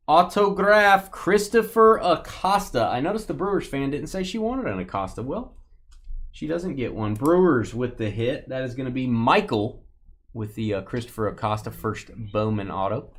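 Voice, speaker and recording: Playful man hosting a live stream. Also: medium pitch. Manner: playful, joking banter with lively swings. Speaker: host of a live card break stream. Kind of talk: casual live-stream chat.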